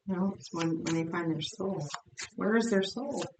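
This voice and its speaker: A woman's voice: fairly low pitch, measured pace. Blunt chatty woman reading tarot, roomy sound. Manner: blunt, chatty, repeats herself. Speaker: tarot reader. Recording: roomy echo, distant mic, faint noise.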